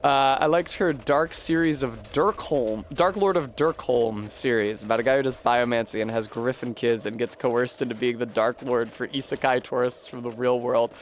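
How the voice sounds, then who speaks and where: A man's voice: medium pitch, moderate pace, few pauses, slight background noise. A man streaming a video game, rambling through profane, joking retellings of a book. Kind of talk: casual gameplay chat.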